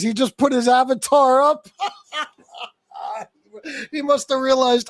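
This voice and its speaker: A man's voice: very high voice, level tone, slow, long pauses, no echo. A man hosting a livestream, talking in crude, profane, mocking banter and laughing at his guests. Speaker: livestream host.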